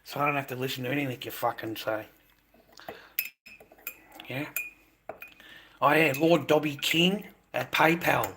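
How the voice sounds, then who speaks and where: A man's voice: medium pitch, moderate pace, pauses often, pushed and bright, a little hiss or hum. A middle-aged man, livestreaming and chatting bluntly with viewers, swearing freely. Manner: swearing, aggressive, blunt, calls people mate. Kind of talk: casual livestream chat with viewers.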